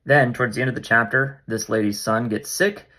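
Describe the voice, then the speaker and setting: A man's voice: mid-range voice, fairly even intonation, fairly quick, sharp tone. A man hosting a casual Bible study vlog, retelling the passage in a playful, jokey, slangy way. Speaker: vlog host.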